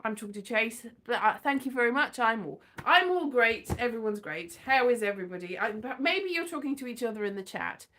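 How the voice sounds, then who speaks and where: A woman's voice: on the high side, animated, fairly quick, few pauses, a bit bright. A woman hosting a casual livestream, chatting in a playful, rambling way with sing-song bursts. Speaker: livestream host.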